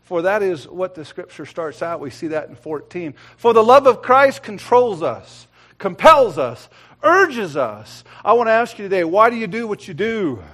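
A middle-aged man preaching a sermon, swinging between loud, emphatic lines and quiet, hushed ones. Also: high-pitched, big pitch swings, moderate pace.

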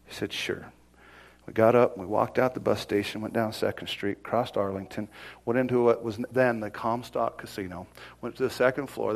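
A middle-aged man preaching a sermon, telling a personal story and swinging from whispers to loud exclaims. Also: medium pitch.

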